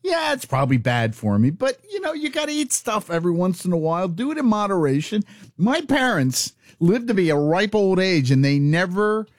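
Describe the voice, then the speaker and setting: A man's voice: high voice, big pitch swings, normal speed, dry recording, clean studio sound. A man co-hosting a radio talk show, ranting in exasperation with sudden outbursts.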